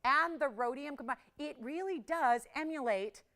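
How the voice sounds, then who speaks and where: Bright, chatty woman hosting a shopping show. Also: high-pitched, normal speed. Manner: chatty, excitable, laughs often, talks to callers and operators. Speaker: jewelry shopping host. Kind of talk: live TV shopping pitch.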